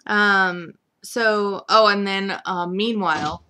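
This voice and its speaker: A woman's voice: mid-range voice, takes it slowly, bright, forceful tone, clear, resonant tone. A woman casually recapping a week of a soap opera, rambling with lots of "like" and "um". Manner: rambling, filler-heavy with frequent "like" and "um".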